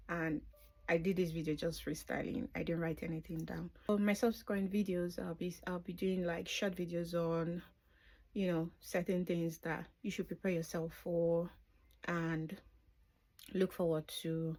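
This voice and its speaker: A middle-aged woman vlogs about her own birth story without a script, using a lowish, slightly mellow voice. She is emotional, at times sinking to a whisper over the tender moments.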